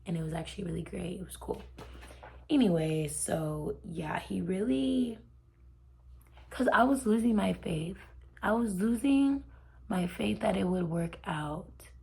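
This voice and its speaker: A woman's voice: fairly low pitch, gravelly, mellow. A young woman vlogger telling a personal faith story in a chatty, heartfelt way, often dropping to a near whisper. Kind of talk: casual faith storytelling to camera.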